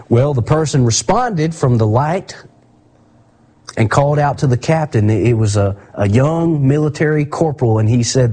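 A middle-aged man preaching a sermon, earnest and storytelling, drawing out key phrases slowly for emphasis. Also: fairly high pitch, expressive, darkish tone, slightly rough.

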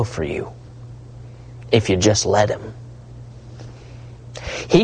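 A man preaching a sermon, swinging between hushed asides and rising, emphatic repetition. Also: on the low side, big pitch swings, slow pace, long pauses, slightly rough, poor audio.

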